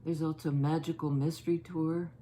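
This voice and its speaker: A woman giving a casual tarot reading, musing and halting as she thinks aloud over each card. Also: sits low, little pitch movement, warm tone, slight background noise. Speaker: tarot reader.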